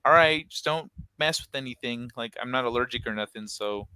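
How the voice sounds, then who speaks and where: A man's voice: medium pitch, a little fast, bright, forceful tone, clean tone, dry recording. A young man co-hosting a casual chat, telling a long story in a rambling way full of "like" and restarts, with a casual curse here and there. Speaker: podcast co-host.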